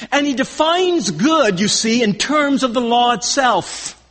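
A man's voice: very high-pitched, animated, measured pace, fairly bright tone, big-room sound. A man preaching a sermon verse by verse, emphatic and repeating his key phrases. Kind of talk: expository sermon.

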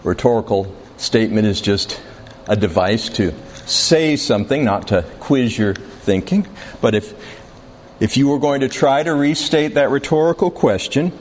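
A man teaching a Bible class, speaking deliberately and putting questions to his students in a room with a board. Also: medium pitch, lively intonation. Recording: reverberant hall, faint background noise.

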